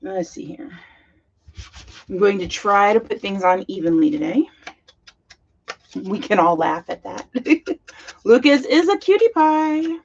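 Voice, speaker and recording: A woman's voice: mid-range voice, lively intonation, slow pace, creaky, pauses often, muffled recording. A middle-aged woman, chatting casually and gushing as she works on a scrapbook page at her craft desk. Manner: chatty, gushing, talks while working. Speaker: teacher and crafting channel host. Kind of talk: casual chat while scrapbooking.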